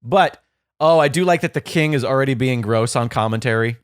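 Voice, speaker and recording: A man's voice: a little fast, clear, resonant tone, no room sound, clean studio sound. A man co-hosting a podcast, chatting casually and joking while watching along. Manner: animated, joking, jumps into silly high voices. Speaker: podcast co-host.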